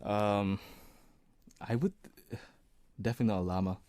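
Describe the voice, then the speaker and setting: A man, a singer-songwriter and producer, chatting casually as an interview guest. He is relaxed, laughs easily and often restarts his sentences. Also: on the low side, normal speed, no echo, clean studio sound.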